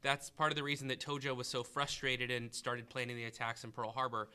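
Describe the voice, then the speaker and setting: A man's voice: mid-range voice, flat delivery, brisk, sharp tone, smooth. A man hosting a history review podcast, asking a student questions and encouraging the answers. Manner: questioning, encouraging, thinking aloud. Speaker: history teacher and podcast host.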